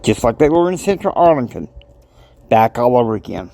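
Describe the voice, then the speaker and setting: Man, personal storyteller, gravelly voice, lively swings in pitch, acts out other people's lines. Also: fairly quick, no echo. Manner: emotional, acts out quoted voices.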